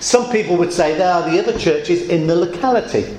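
A man preaching a sermon to a congregation, leaning hard on key phrases and repeating them slowly, with dry asides. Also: high voice, darkish tone, a little hiss or hum. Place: church hall. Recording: echoey church hall.

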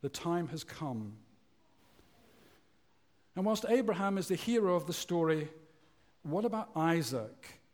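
Male preacher, animated delivery, slightly high, drops to a hush at key words. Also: measured pace, long pauses. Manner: lively, falls low and quiet at phrase ends; tells a joke story acting out voices. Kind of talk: sermon.

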